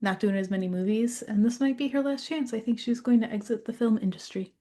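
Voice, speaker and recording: A woman's voice: fairly high pitch, a little fast, warm tone. A woman co-hosting a podcast in casual chat, with dry teasing remarks. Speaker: podcast co-host.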